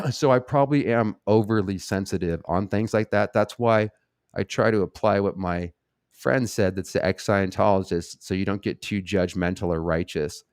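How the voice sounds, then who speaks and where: A man's voice: lowish voice, normal speed, darkish tone, clear, resonant tone, no echo, clean studio sound. A man hosting a live question-and-answer stream, talking in a blunt, rambling and profane way. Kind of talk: casual live Q&A chat.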